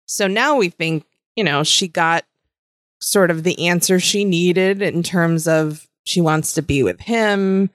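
Brief: woman co-host, slightly low voice, blunt and profane, dry close sound. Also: slow pace, no echo. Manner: blunt, swears freely. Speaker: podcast co-host. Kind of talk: casual TV recap chat.

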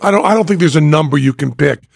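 A man hosting a podcast, telling a story in an animated, casual way and laughing as he goes. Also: a little high, fast, no room sound, studio quality. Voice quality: gravelly and husky. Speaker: podcast host.

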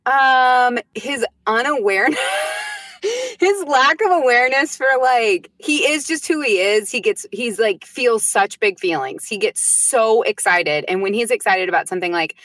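A woman in her thirties, a podcast guest, chatting casually and telling lively stories about her young sons, acting out their little voices. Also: on the high side, unhurried, no echo. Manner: lively storyteller who acts out her kids' voices. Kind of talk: casual chat.

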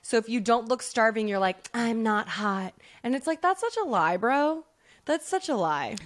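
A woman's voice: fairly high pitch, normal speed. A woman co-hosting a podcast in casual chat, swearing freely and acting out voices in her stories. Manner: expressive, profane, acts out voices in stories. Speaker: podcast co-host.

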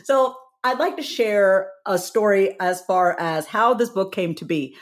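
A woman's voice: medium pitch, unhurried. A woman who is an author and guest on a podcast, talking candidly and animatedly, often laughing. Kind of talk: casual interview chat.

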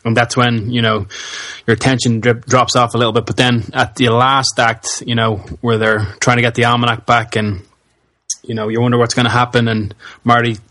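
A man reflecting on a film in an easy, relaxed way, stumbling over a word now and then. His voice sits at a middle pitch. The sound is dry. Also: fairly quick, no room sound. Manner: relaxed, reflective, with stammered restarts. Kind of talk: casual film review chat.

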